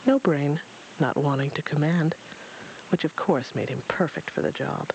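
A man reading a storybook aloud in a gentle, even voice. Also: fairly high pitch, normal speed, gravelly, dull audio, slight background noise.

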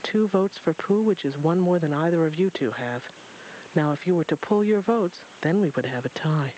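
A man voicing a kind, wrinkled old stranger in a storybook reading, speaking calmly and gently. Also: on the high side, normal speed, lo-fi sound, slight background noise, natural voice. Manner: calm and gentle.

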